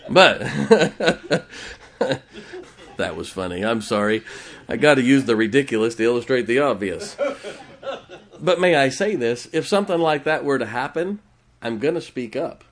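A man's voice: medium pitch, lively intonation, normal speed. A man preaching a conversational sermon in a folksy way, often laughing as he talks.

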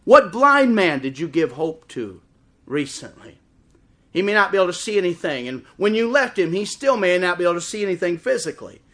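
A middle-aged man preaching a sermon in church, impassioned and swelling toward shouts. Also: high-pitched, very animated, fairly quick. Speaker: pastor. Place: church service before a congregation.

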